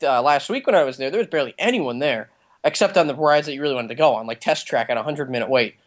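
A man's voice: medium pitch, lively intonation, fast. A young man co-hosting a casual podcast chat, telling stories at length with plenty of fillers. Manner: rambling storytelling with many fillers. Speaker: podcast co-host.

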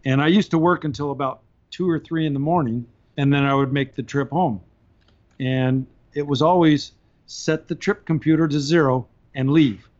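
Animated man spinning a road story. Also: on the high side, normal speed, lo-fi sound. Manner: animated, laughs between points. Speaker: podcast guest. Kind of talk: casual anecdotal storytelling.

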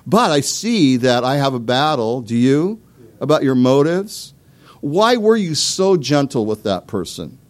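A man's voice: mid-range voice, sing-song, measured pace. A man preaching a sermon in a conversational way, with asides and small laughs, asking his listeners direct questions. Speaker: pastor.

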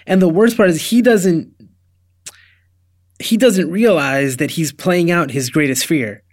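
A man's voice: a little high, measured pace. A man co-hosting a podcast, recapping a TV episode emphatically, with frequent restarts. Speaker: podcast co-host. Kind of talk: casual chat recapping a TV episode.

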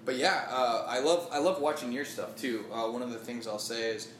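A man's voice: medium pitch, steady tone, a little fast, a bit bright, echoey room, a little hiss or hum. A man hosting a podcast, eager and encouraging toward his guest. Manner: eager, encouraging, laughs easily. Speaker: podcast host, comedian. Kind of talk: casual podcast conversation.

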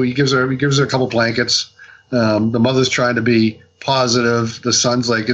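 A man's voice: mid-range voice, flat delivery, normal speed, fairly bright tone, slight background noise, poor audio. Rambling man retelling a comic plot. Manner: rambling retelling with many fillers and restarts. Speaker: podcast co-host reviewing comics. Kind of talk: casual podcast chat.

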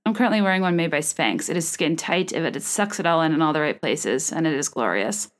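A woman's voice: low voice, lively intonation, a little fast. A woman in her thirties hosting a solo comedy podcast, telling rambling self-mocking stories into a microphone in a small room. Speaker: podcast host. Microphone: studio microphone.

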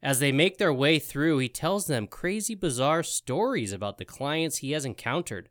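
A man's voice: on the high side, expressive, moderate pace, a bit bright, no echo. Teasing man reading quiz clues, dry sound. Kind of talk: casual chat and reading a plot summary.

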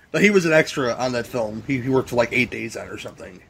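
A man's voice: mid-range voice, expressive, fast, gravelly, fairly bright tone, breathy edge. A man chatting casually as a podcast co-host, laid-back and joking. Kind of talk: casual chat.

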